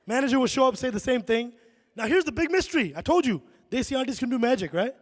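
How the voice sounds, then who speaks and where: A man from Chicago performing animated stand-up comedy on a concert hall stage, often tossing "right?" to the crowd. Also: very high voice, fast. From Chicago, USA. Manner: animated storytelling, frequent "right?" asides.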